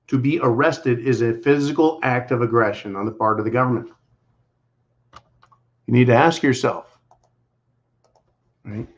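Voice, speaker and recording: A man hosting a political commentary show, talking in a blunt, combative, sarcastic way. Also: mid-range voice. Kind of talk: angry monologue to viewers. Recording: dull lo-fi audio.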